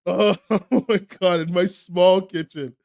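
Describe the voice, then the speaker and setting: A man's voice: high-pitched, steady tone, slow pace, gravelly, a little mellow. A young man streaming live, chatting to his viewers with frequent laughter and playful mock outrage. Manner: laughs often, mock outrage, talks to chat.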